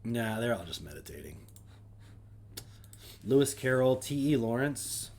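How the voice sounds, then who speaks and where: A man's voice: mid-range voice, big pitch swings, measured pace, a little mellow. A man chatting casually on his own stream, with a mid-range voice. He reads through a list in a wry, offhand way and mutters dry asides under his breath. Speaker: streamer host. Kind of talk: casual solo chat, reading names aloud.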